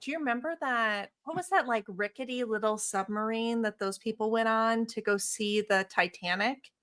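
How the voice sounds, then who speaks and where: A woman co-hosts a casual podcast and asks the guests questions. She giggles often between her lines. Her voice has a bright, tense tone. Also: fairly high pitch, moderate pace. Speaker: podcast co-host.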